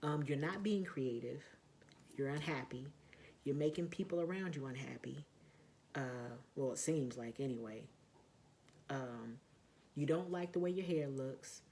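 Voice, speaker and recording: A woman talking in a casual vlog monologue, blunt and profane, with lots of fillers and emphatic, loud outbursts. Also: extremely low pitch, a little slow, pauses often, slight background noise. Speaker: vlogger.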